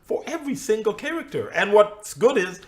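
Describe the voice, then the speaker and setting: A man's voice: high-pitched, sing-song, a little fast. A man co-hosting a casual podcast chat, opinionated and swearing freely as he argues his point. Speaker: podcast co-host.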